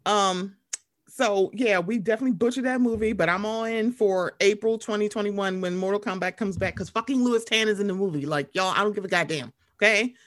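Swearing freely and full of energy, this woman co-hosts a podcast in relaxed conversation. Her voice jumps rapidly in both pitch and loudness.

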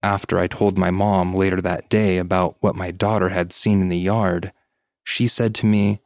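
A man hosting a podcast, calmly reading a listener's story aloud as scripted narration. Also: low-pitched, dry recording, clean studio sound. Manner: calm, measured storytelling.

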